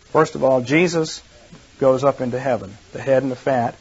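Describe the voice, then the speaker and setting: A man's voice: mid-range voice, fairly even intonation, normal speed, darkish tone, husky. A man giving a Bible lecture to a class, explaining step by step and putting questions to his listeners. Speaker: Bible teacher. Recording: dull lo-fi archive recording.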